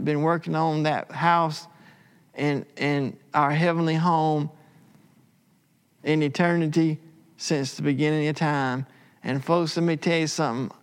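A man preaching a sermon, emphatic and repetitive, slowing for dramatic pauses. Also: on the high side, clear, resonant tone. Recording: long hall reverb.

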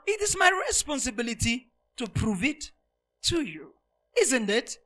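A pastor with an unusually high voice for a man preaches to his congregation in a bright, forceful, sing-song manner, repeating lines for emphasis. He takes his time, swinging from loud, ringing shouts to quiet, intimate asides.

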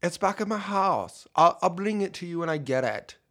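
A man voicing a smarmy British conspiracy blogger in a deliberately bad, annoying put-on British accent. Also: sits high, expressive, a bit bright, voice pushed up, exaggerated voice. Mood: wheedling. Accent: put-on British, done badly.

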